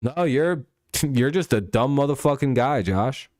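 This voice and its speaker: A man's voice: medium pitch, lively intonation, unhurried, a little mellow, no echo, studio quality. A young man hosting a casual talk stream, arguing heatedly with profanity and lots of repetition and restarts. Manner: argumentative, profane, repeats himself. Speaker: host.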